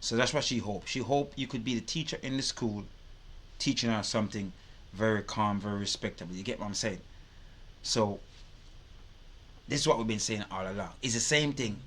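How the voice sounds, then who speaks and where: A man's voice: on the low side, normal speed, pauses often, a bit bright. A man giving casual reaction commentary, swearing freely and repeating his points. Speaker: reaction video host.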